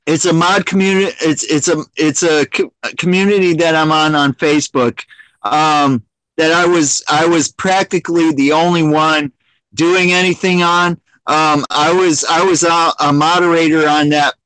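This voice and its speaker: A man's voice: fairly high pitch, fairly even intonation, normal speed, fairly bright tone, clean tone, no echo, low-quality recording. A man chatting casually on a livestream, rambling with many restarts and frequent laughs. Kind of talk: casual chat.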